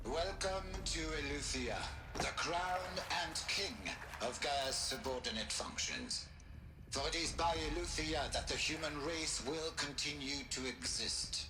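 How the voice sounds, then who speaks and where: A man's voice: a little high, measured pace, lightly acted. An actor playing a formal, precise male scientist who directs a program in a video game. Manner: formal, precise, speech-like delivery. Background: game music.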